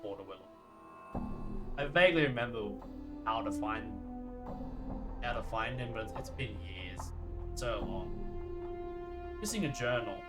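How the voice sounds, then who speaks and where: A man's voice: lowish voice, lively intonation, unhurried, long pauses. A man giving casual let's play commentary, reading game text aloud and adding muttered asides. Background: game music.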